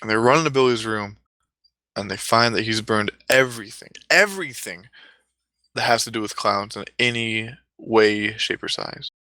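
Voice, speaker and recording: A man's voice: lowish voice, level tone, moderate pace, sharp tone, clean tone, no room sound. A man telling a comic story casually, rambling and swearing often, with frequent restarts. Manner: profane, rambling, self-correcting.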